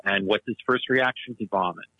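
A man's voice: lowish voice, moderate pace, dry recording, dull audio. A man co-hosting a casual talk show, speaking in an analytical, discursive way. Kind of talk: casual chat.

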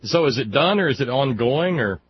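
A radio host whose husky voice swings up and down with lively pitch as he chats. He restarts and repeats himself, slipping in dry jokes, and the recording sounds slightly dull and muffled. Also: moderate pace, dry recording. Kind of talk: casual chat.

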